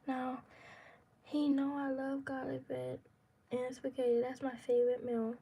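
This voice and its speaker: A young woman with a fairly high voice tells a story from her own life on her vlog. She talks casually and in slang, and she turns dramatic and laughs through the tense parts. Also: completely flat delivery, a little slow, gravelly, mellow, husky. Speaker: vlogger.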